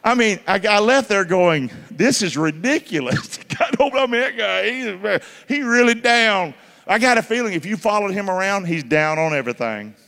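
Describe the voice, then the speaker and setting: A man's voice: sits high, expressive, moderate pace, vocal fry, sharp tone, in a large hall. A man preaching a sermon as pastor, emphatic, spelling words out and throwing call-and-response questions to the congregation in a church.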